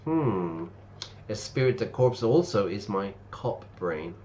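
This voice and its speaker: A man's voice: lowish voice, big pitch swings, slow pace, dark tone, lo-fi sound, a little hiss or hum. A man, an English teacher, chatting casually and explaining words while streaming a game. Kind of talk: casual let's-play commentary.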